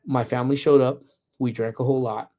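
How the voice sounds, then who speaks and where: A middle-aged man hosting a casual lunchtime livestream, chatting loosely and slipping into playful, animated slang riffs. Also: mid-range voice, a little fast. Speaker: livestream host. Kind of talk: casual live chat.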